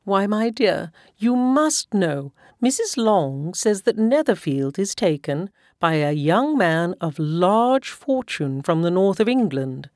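A woman voicing an excitable, chattering middle-aged mother who fusses and insists, in an audiobook reading. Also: medium pitch, no echo, studio quality, voice pushed up. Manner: breathless, insistent, fussing. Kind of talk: audiobook character voice.

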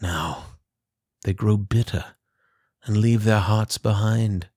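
A weeping, hooded boogeyman speaks in a slow, mournful storybook voice, as a man reads him. His voice is low and unhurried, with a dry, close sound and no room around it. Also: steady tone, warm tone, husky, dry recording. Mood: sorrowful.

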